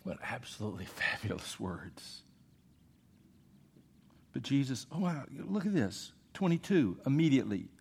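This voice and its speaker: Animated male preacher, loud then hushed. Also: medium pitch, unhurried, creaky, long pauses, slightly rough. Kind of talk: sermon.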